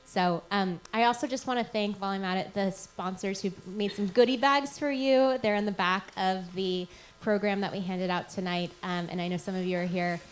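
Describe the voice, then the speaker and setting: A woman's voice: mid-range voice, steady tone, moderate pace. A middle-aged woman hosting a live event, chatty and thankful as she wraps up, with lots of ums. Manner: chatty, thankful, with many fillers. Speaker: host and moderator. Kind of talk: closing remarks at a live event.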